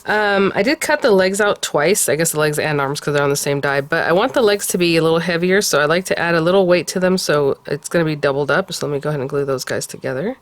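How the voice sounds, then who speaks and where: A woman hosting a card-making tutorial, talking casually and often cooing softly over how cute the pieces are. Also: low-pitched, quick pace, hardly any pauses. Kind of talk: casual crafting tutorial talk.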